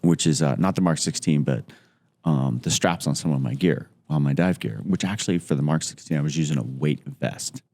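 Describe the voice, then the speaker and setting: Deep, dark-voiced man telling rambling stories. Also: fairly quick, creaky, no room sound. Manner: rambling, loose delivery full of "like", acting out quotes in lively voices. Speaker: podcast guest. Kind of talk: casual anecdote storytelling.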